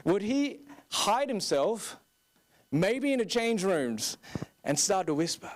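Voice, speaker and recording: High-voiced young pastor. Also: male voice, slow pace, background noise. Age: young adult. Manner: candid, self-deprecating, animated storytelling. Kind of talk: sermon.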